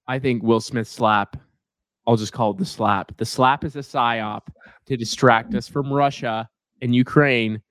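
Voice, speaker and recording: A man's voice: medium pitch, dry recording, clean studio sound. A young man co-hosting a podcast in casual, joking chat. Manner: joking, animated. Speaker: podcast co-host.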